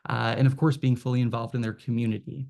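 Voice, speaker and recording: A man closing his panel remarks in a measured, explanatory way. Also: medium pitch, level tone, creaky, a little mellow. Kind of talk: presentation remarks.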